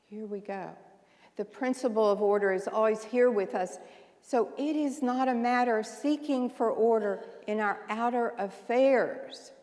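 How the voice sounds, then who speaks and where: An older woman minister delivering a folksy, conversational sermon, often clearing her throat. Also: medium pitch, darkish tone, in a large hall. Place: church sanctuary.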